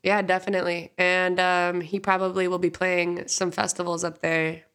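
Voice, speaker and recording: A woman's voice: on the low side, little pitch movement, normal speed, a bit bright, smooth. A woman co-hosting a podcast, chatting casually with a bubbly, slangy manner. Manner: bubbly, slangy, says "like" and "dude" a lot. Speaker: podcast co-host.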